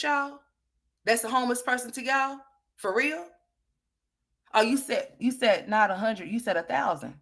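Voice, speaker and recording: A woman's voice: fairly high pitch, a bit bright. Woman commentator ranting her opinions, blunt, profane, hammering questions. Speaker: online commentator.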